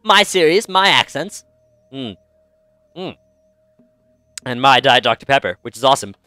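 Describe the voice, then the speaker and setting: A man's voice: mid-range voice, lively intonation, normal speed, sharp tone, smooth, no echo, faint music behind. A man hosting a let's-play, chatting casually and rambling through commentary with many fillers and restarts. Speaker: game let's-play host.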